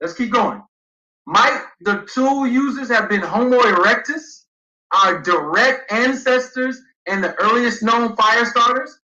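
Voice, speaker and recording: A high-pitched man with a very bright, piercing voice lectures emphatically, reading passages aloud and pressing each point. He sounds roomy and echoey, and the stream audio is dull and lo-fi. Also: animated, a little slow. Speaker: guest speaker. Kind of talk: livestream debate lecture.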